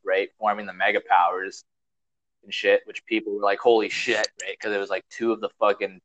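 A young male podcast host rambles through casual chat, swearing often and stuffing his talk with fillers. His voice is fairly low and a bit bright, and the recording sounds lo-fi.

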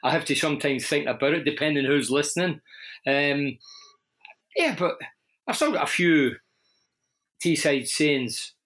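A middle-aged Glaswegian man with a broad accent, speaking candidly in a relaxed interview. His voice sits a little high for a man, and he tells his stories with many restarts and asides. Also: measured pace, pauses often. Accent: Glaswegian Scottish. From Scotland. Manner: candid, storytelling, frequent restarts. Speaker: interview guest, former footballer and radio presenter. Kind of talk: conversational interview.

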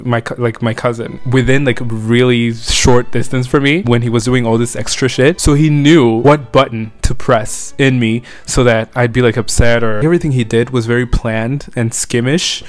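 Young guy rambling thru a storytime vlog, normal mid pitch, tons of fillers. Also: fairly even intonation, moderate pace, hardly any pauses. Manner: rambling, filler-heavy, frequent "like" and "you know what I mean". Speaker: vlogger telling a personal story. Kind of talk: casual storytime monologue.

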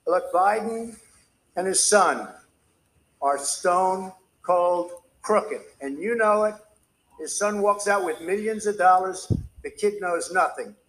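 Male politician, high voice, combative and dismissive with reporters. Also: slow, fairly bright tone, low-quality recording. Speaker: president at a press conference. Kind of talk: speech and press conference remarks.

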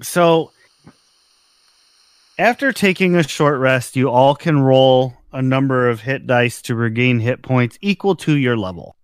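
A man runs a tabletop game in a slow, easygoing way. His voice sits in a medium range and sounds dry and close. He laughs often and fills pauses with ums. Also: mid-range voice, smooth, dry recording. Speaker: game master.

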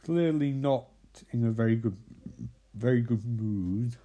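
Sardonic, swearing man with a mellow voice. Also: medium pitch, lo-fi sound. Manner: sardonic, profane, fast asides. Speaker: comedic film recapper. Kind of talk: casual comedic recap.

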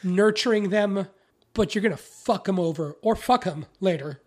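A woman's voice: mid-range voice, moderate pace. A young woman co-hosting a casual movie-recap chat, rambling and swearing freely as she talks.

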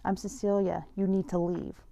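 A woman reading a story aloud, voicing a mysterious young woman who urgently warns the narrator in a hushed voice. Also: lowish voice, flat delivery, normal speed, creaky.

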